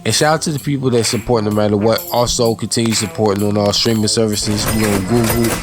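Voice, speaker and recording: A man's voice: fairly low pitch, fairly even intonation, fast talker. A man from Maryland hosting a podcast in a loose, rambling, slangy way. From Maryland, USA. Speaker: podcast host. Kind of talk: casual podcast chat. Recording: music playing under the voice.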